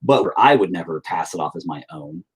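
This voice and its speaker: Husky man ranting profanely on a livestream. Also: low voice, animated, a little fast. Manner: profane, candid, self-deprecating. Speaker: artist livestreaming while painting. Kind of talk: casual rambling chat. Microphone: laptop mic on a live stream.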